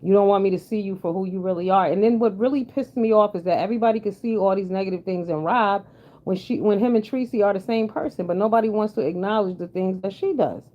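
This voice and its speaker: A woman's voice: medium pitch, fast. A woman giving blunt, sassy, profane commentary in casual chat with her viewers. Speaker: commentary vlogger. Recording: dull lo-fi sound.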